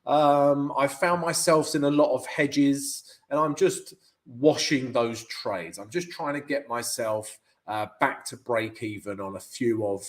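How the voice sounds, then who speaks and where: A chatty man with a London accent, speaking at a medium pitch. He hosts a live trading stream, greets viewers, and talks them through his chart analysis in a relaxed, conversational way. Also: unhurried. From United Kingdom. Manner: chatty, keeps calling viewers "guys".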